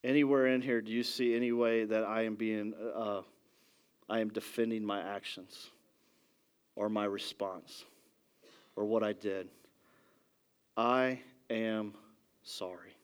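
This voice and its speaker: Preaching man, loud then hushed. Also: on the low side, flat delivery, a little slow, pauses often, clean tone. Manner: conversational preaching with frequent "ready?" check-ins; swings from loud emphasis to quiet, soft asides. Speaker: pastor. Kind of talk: sermon.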